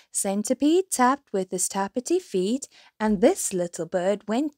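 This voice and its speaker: A woman reads a children's picture book aloud, lingering over each rhyme at an unhurried pace. Her delivery is sing-song and playful, leaning into every squeak and burble. The sound is close and dry. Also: lively intonation, a little mellow, no echo. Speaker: storybook reader.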